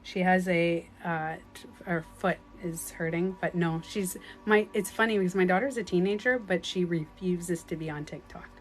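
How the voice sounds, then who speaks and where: Woman, earnest, rambling, laughs often, casual livestream chat, phone mic, soft music underneath. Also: fairly low pitch, moderate pace. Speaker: spiritual life coach on a livestream.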